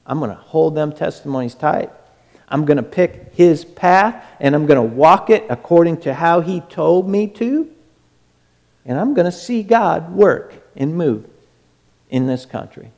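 A man preaching a sermon with fervor, moving between loud urging and a soft hush. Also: fairly high pitch, lively intonation, a little slow, in a large hall.

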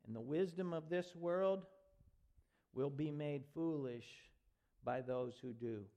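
A man preaching a sermon as pastor, reading scripture aloud and building to forceful, dramatic emphasis. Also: fairly high pitch, slow pace, highs cut off.

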